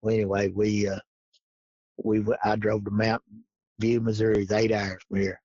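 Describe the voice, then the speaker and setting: A man's voice: lowish voice, flat delivery, normal speed, a little mellow, slightly rough, no echo. A man, a podcast guest telling hunting stories in a folksy, drawling way with frequent laughs. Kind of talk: casual storytelling. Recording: dull lo-fi podcast audio.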